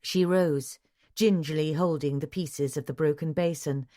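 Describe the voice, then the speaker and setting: Low-voiced woman narrating a mystery. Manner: measured, even storytelling. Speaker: audiobook narrator. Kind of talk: scripted narration.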